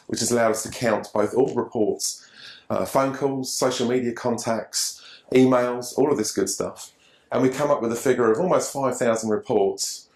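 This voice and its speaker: A man's voice: medium pitch, a little mellow. A man gives a seminar talk on online safety to a live audience, casual and conversational, with frequent restarts. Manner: conversational, repeats words and restarts often. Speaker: presenter from an online safety group. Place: meeting room with live audience. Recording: echoey room.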